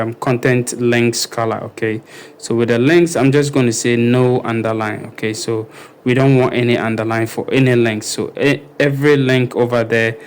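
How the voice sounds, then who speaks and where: A man talking casually through a screen-recorded web design tutorial, thinking aloud and filling pauses with ums and okays. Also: medium pitch, slight background noise.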